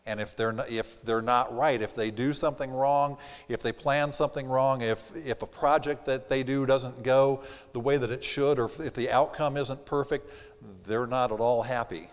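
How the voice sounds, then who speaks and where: A man in the middle of his range teaches a sales seminar from a theater stage, with a slight Southern accent. He is animated and slips into quick impressions of the people he describes. His voice rings out with the long reverb of the hall. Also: medium pitch. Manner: animated, acts out quoted customers. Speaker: sales trainer. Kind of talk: live seminar presentation.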